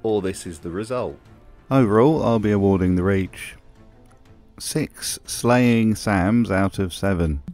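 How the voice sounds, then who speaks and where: A man's voice: on the low side, a little slow, a little mellow, soft background music. Dry-humored man narrating. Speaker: video essay host. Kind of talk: scripted commentary narration.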